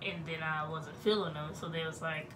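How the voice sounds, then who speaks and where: Animated young woman telling a story. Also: sits low, normal speed, distant mic, background noise. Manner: animated, acts out voices of relatives and nurses. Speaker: vlogger. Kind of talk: casual storytelling.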